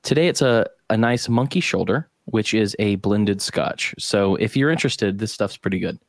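A man's voice: on the low side, expressive, normal speed, no echo, clean studio sound. A man hosting a podcast, telling rambling stories with plenty of swearing in casual chat. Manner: rambling, profane storytelling. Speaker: podcast host.

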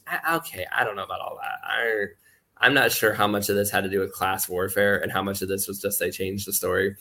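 This podcast guest has a lowish, steady voice that's bright and forceful, and he speaks fairly quickly. In casual chat he rambles along, filling his speech with "like" and performing quoted voices to make his points.

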